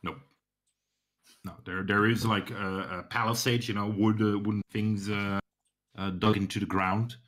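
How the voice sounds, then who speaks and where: A man running a tabletop game as game master, his voice set a little low but bright and forward. He pauses a lot, filling gaps with fillers and restarting his sentences as he describes the scene. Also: flat delivery. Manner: hesitant, many fillers and restarts.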